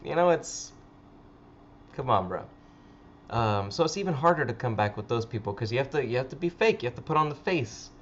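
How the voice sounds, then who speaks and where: A man's voice: medium pitch, lively intonation, a little fast, lo-fi sound, slight background noise. A man hosting a casual livestream chat, rambling with frequent stammers and swearing. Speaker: livestream host.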